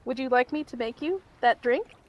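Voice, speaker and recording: A woman voicing a calm, smiling male bartender who makes cryptic, polite offers. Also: high-pitched, moderate pace, muffled recording. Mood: amused.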